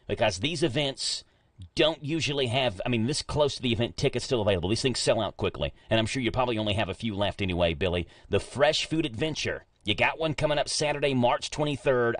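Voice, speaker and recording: Chatty Kentucky radio host. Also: male voice, medium pitch, a bit bright, no echo, studio quality, recorded from a distance. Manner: chatty, jokey, stumbles over fancy words. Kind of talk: casual radio interview.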